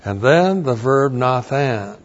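Slow careful guy doing bible teaching, spells out words, dull lo-fi sound. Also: mid-range voice, lively intonation. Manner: slow, deliberate, spells out Hebrew words letter by letter. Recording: dull lo-fi recording.

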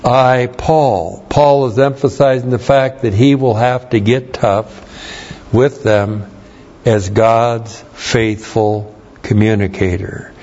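Slow, deliberate male pastor teaching Greek. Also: lowish voice, steady tone, darkish tone, muffled recording. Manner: explains Greek grammar, spelling words out, repeating phrases for emphasis. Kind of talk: verse-by-verse Bible teaching.

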